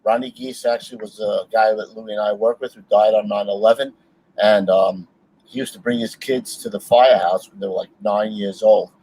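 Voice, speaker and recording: A man's voice: on the low side, fairly even intonation, a little fast, darkish tone, slightly rough, poor audio. A man, a retired firefighter co-hosting a podcast, telling stories in casual chat and swearing freely.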